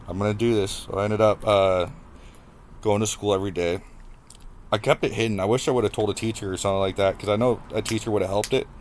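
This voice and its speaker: A young man talking to the camera about his past, casual and halting, stopping and restarting as he reflects. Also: sits low, slight background noise. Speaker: vlogger. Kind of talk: personal storytelling to camera.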